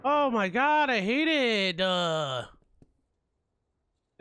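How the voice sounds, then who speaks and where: A man's voice: very high voice, animated, drawn-out words, a bit bright, clean tone. A man commentating a horror game as he plays, jumpy and swearing a lot, joking through his fear. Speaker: let's play gamer.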